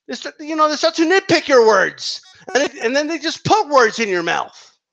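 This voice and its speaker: A man's voice: very high-pitched, sing-song, moderate pace, gravelly, a bit bright, muffled recording. A man ranting about boxing in a heated, casual monologue, swearing and repeating himself for emphasis. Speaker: boxing commentator.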